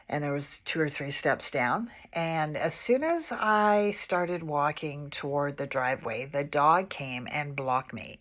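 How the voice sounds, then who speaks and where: A woman calmly telling a personal spiritual anecdote, unhurried and repeating her phrases. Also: low voice. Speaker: storyteller.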